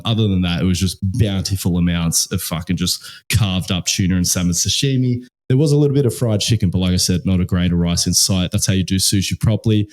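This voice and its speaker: A young man with an Australian accent hosting a podcast, telling rambling stories in casual chat and swearing constantly. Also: low-pitched. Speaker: podcast host.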